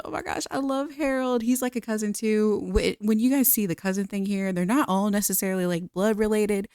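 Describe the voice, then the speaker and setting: A woman's voice: mid-range voice, a little mellow, clear, resonant tone, no room sound, clean studio sound. Chatty woman gushing over gameplay. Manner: chatty and gushing, laughs often. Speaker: let's play creator. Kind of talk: casual gameplay commentary.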